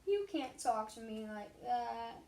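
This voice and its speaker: Lady doing a weepy sobbing storybook king, high and wailing, echoey room. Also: animated, takes it slowly, vocal fry, a little hiss or hum, heavily acted. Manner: high, loud, sobbing delivery. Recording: roomy echo.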